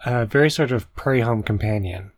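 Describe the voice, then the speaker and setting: A man's voice: mid-range voice, fairly quick. A man co-hosting a casual educational podcast, who talks in a joking, self-deprecating way. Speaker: podcast co-host.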